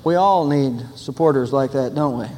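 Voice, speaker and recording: A man's voice: medium pitch, moderate pace, warm tone, long reverb tail, slight background noise. An older man preaching an Easter sermon as pastor, telling stories and building to emphatic declarations.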